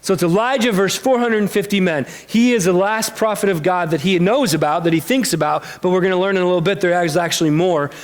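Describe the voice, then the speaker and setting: A man preaching a sermon as pastor, telling a Bible story in a lively, animated way and acting out the characters' lines. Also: high voice, fast, hardly any pauses. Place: church sanctuary.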